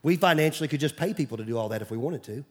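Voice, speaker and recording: A man's voice: medium pitch, expressive, very fast. A man, preaching a sermon as pastor in a conversational way, sometimes dropping to a near-whisper. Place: church stage.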